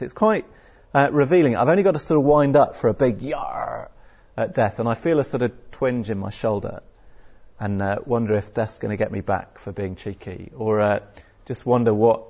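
A man from Britain preaches a sermon in a conversational, animated way. He talks in a middle register, stumbles over fillers and breaks into playful taunts. The recording sounds a little dull and muffled. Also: mid-range voice. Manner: lively, conversational, many fillers, mock-taunting asides.

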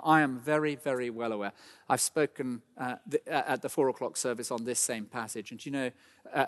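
A middle-aged male pastor delivers a sermon in an earnest, pleading tone that swells into fervent emphasis. His voice sits at an ordinary middle pitch. It carries a long reverb, as if spoken across a large church.

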